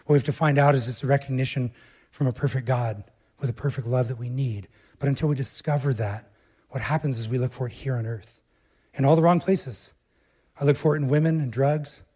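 With a brisk delivery and a breathy edge, a male pastor gives an emphatic sermon aimed directly at his congregation, swinging between soft, low passages and loud, urgent ones.

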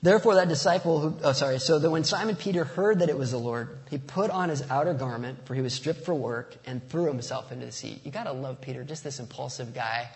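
A man's voice: medium pitch, fast talker, hardly any pauses. A man preaching a sermon as pastor, casual and conversational, slipping in jokes. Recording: long reverb of a large hall.

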